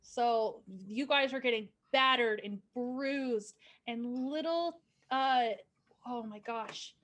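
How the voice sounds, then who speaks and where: A woman's voice: a little high, slow, fairly bright tone. A woman narrating as game master, chatty and cheerful, with stumbles and asides.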